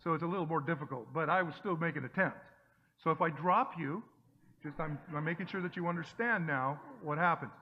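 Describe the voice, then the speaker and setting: A man's voice: fairly high pitch, fairly quick, breathy edge. A middle-aged man preaching a conversational sermon to his church, with joking asides and frequent restarts. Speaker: pastor. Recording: dull sound with long hall reverb.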